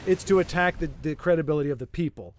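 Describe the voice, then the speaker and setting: A man's voice: a little high, fast talker, a little hiss or hum. A man chatting casually with his livestream audience, rambling and playfully arguing, with many restarts. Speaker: streamer.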